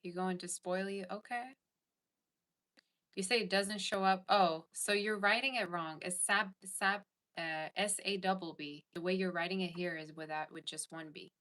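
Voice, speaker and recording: A woman's voice: fairly low pitch, fairly even intonation, moderate pace, fairly bright tone. A woman hosting a casual tarot livestream, chatting and reading viewer comments aloud. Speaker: tarot reader and livestream host.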